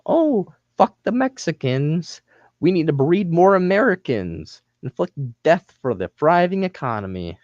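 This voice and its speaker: A man's voice: a little high, very animated, a little slow, a little mellow, no room sound, muffled recording, pitched above the performer's own voice. A man putting on a sneering, exaggerated voice to mock a hateful male viewer.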